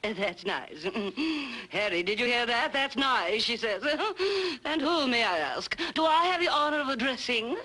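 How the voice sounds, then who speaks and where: A vain stage actress, all grand gestures and endless darlings, voiced by a woman. Her voice sits high and bright, swooping freely in a breezy old-time radio comedy. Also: big pitch swings, unhurried, hardly any pauses, exaggerated voice. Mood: grandiose. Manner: theatrical, affected, calls everyone darling.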